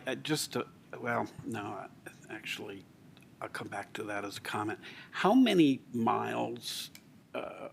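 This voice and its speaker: A man on a city council asking staff questions at a meeting, halting with many ums and restarts. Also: on the low side, creaky, slightly rough. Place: council chamber.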